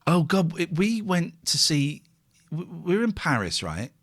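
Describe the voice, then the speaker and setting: A middle-aged man, hosting a casual chat and talking in an animated, exclamatory way with plenty of swearing. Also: fairly high pitch, measured pace. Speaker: host.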